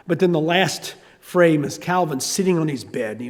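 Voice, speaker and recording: Older man, Southern US accent, sermon, animated storytelling, echoey hall. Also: fairly high pitch, normal speed, hardly any pauses. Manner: animated storytelling, acting out voices. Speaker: pastor.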